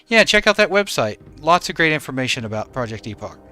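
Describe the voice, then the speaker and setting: A man's voice: a little high, sing-song, fast, pushed and bright, faint music behind. A man streaming a game from home in regional Australia, easygoing as he greets and thanks viewers by name. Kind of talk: live stream chat with viewers.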